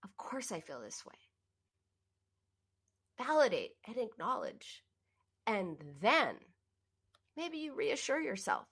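A woman's voice: wildly swooping pitch, slow, long pauses, fairly bright tone, slightly rough. A woman coaching listeners on binge eating in an earnest, emphatic self-help talk, addressing them directly. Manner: earnest and emphatic, often rising in pitch for emphasis; speaks directly to the listener in second person.

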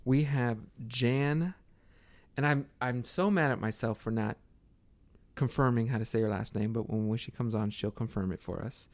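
A man's voice: medium pitch, moderate pace, darkish tone, no room sound. A young man co-hosting a podcast interview, friendly, tripping over words and laughing easily. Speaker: podcast co-host.

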